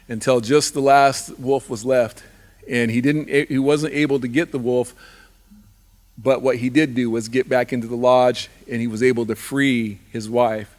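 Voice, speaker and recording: A man's voice: mid-range voice, darkish tone. A man telling a traditional animal story live, in a repetitive rhythmic way with restarts. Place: live fundraiser event.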